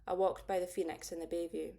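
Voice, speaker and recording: A woman narrating a first-person audiobook in a steady, understated way. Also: fairly low pitch, fast talker, creaky.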